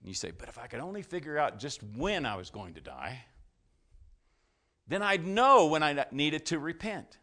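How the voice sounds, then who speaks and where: Impassioned preacher man, lively swinging pitch. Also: normal speed. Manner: impassioned, rising to loud climaxes then dropping low; asks the congregation questions and answers them. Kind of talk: sermon.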